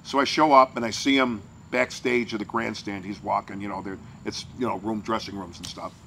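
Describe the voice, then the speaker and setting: A man who works as a morning radio DJ, telling an animated backstage story and acting out the people in it. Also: fairly low pitch, brisk, vocal fry, background noise. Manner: animated storyteller, acts out quotes.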